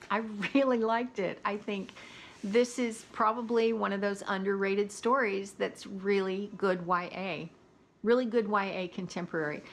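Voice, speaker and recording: In a casual book review chat, a woman runs through audiobooks she's finished, sharing strong opinions with occasional laughter. Her voice is mid-range with a fairly bright tone.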